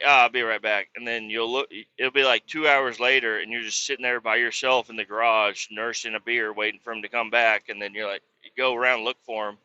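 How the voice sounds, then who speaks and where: A man hosting a podcast, telling profane, animated comedic stories about family and old roommates. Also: mid-range voice. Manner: profane, animated, mocking retellings. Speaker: podcast host. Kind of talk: comedic storytelling. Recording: dull lo-fi, dry.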